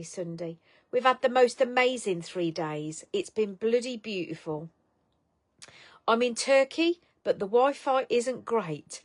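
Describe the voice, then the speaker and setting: A woman hosting a live stream, chatting casually with viewers in a blunt, sweary, affectionate and teasing way. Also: a little high. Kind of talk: casual chat greeting viewers.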